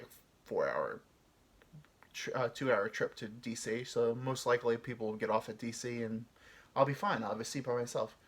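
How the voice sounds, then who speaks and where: Animated rambling male storyteller. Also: mid-range voice. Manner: animated, rambling, full of fillers and swearing. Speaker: podcast host. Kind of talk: comedic storytelling.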